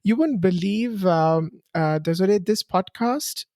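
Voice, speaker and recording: A man's voice: high-pitched, darkish tone, no echo. Earnest male podcast host, dry sound. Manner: earnest, encouraging, measured. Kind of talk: casual interview chat and read podcast promo.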